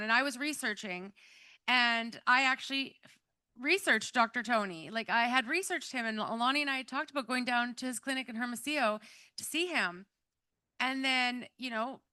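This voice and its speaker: A woman's voice: fairly high pitch, pushed and bright, clean tone, no echo. A middle-aged woman giving an emotional personal testimony to a live audience, earnest and rambling with many fillers. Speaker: event speaker giving a testimonial.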